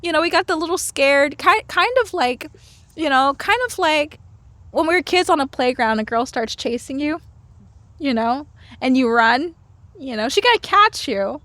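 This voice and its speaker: High, lively-voiced playful woman. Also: moderate pace, no echo. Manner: playful, laughs often, acts out inner voices. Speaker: podcast guest, herbal medicine lecturer. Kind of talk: casual conversational interview.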